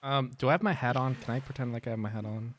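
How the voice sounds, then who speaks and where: An easygoing man talks softly as a tabletop game player. His voice sits at a plain mid pitch. He describes his character's actions calmly. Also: quick pace, slight background noise.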